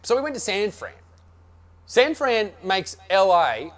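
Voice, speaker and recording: A man's voice: high voice, sing-song, measured pace, a bit bright. An Australian man delivering a comedic rant about his travels, brash and sarcastic, swearing freely. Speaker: comedian reviewing America. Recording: played from another video.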